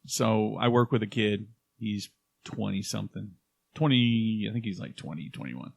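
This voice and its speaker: A man's voice: on the low side, moderate pace, vocal fry. A man from Oklahoma co-hosting a casual podcast, joking around and jumping between topics. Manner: joking, jumps between topics, puts on silly voices. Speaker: podcast co-host. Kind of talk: casual chat.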